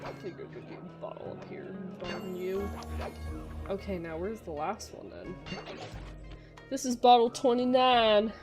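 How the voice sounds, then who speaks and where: A woman's voice: mid-range voice, a little slow, pauses often. A young woman streaming a game, chatting casually and rambling with lots of fillers and restarts. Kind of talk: casual gameplay chat. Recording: music playing behind the voice.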